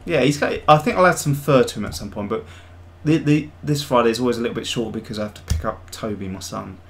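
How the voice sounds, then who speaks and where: A man's voice: medium pitch, fast talker, a little hiss or hum. A middle-aged man chatting casually on a live stream, thinking aloud as he sculpts a 3D model. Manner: easygoing, thinking aloud while working.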